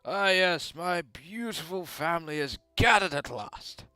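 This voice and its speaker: A man putting on a booming jovial dad. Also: animated, measured pace, sharp tone, smooth, no room sound, soft background music. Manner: hearty, theatrical, put-on accent. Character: jovial booming middle-aged father.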